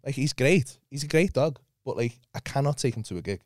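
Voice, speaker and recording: A young man, a comedian telling animated, sweary stories in casual podcast chat. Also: medium pitch, a little fast, no echo, studio quality.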